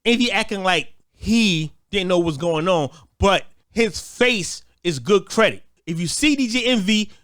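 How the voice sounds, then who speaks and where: Man, high voice, dry close sound, profane rant, stumbling repeated restarts. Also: lively intonation, a little slow, few pauses, a bit bright, dry recording. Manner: repetitive stammering restarts, heated. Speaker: commentator. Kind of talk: profane ranting commentary.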